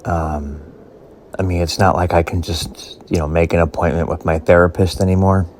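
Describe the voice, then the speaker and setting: Man doing an anxious guy recording a tape diary, halting, lots of restarts, lowish voice. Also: fairly even intonation, fairly bright tone, slight background noise, close to an everyday voice. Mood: shaken. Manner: halting, with many restarts and fillers. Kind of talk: audio drama narration.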